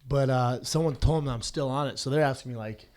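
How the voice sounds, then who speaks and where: A man's voice: mid-range voice, a little fast, darkish tone. A man co-hosting a podcast in casual chat, with loose, profane banter. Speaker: podcast co-host.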